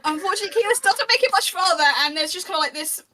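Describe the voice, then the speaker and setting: A woman running a tabletop game as game master, narrating scenes in a chatty, descriptive way. Her voice is high and bright, with a sharp edge. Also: racing, a little hiss or hum. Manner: descriptive, chatty, with small restarts.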